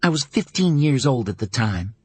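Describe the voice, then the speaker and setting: Earnest early-thirties mother, tender then steady, read by a male narrator, dry close audiobook sound. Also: mid-range voice, moderate pace, slightly rough, no echo, pitched above the performer's own voice. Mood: firm. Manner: gentle and earnest, turning firm. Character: woman in her early thirties, a loving but firm mother.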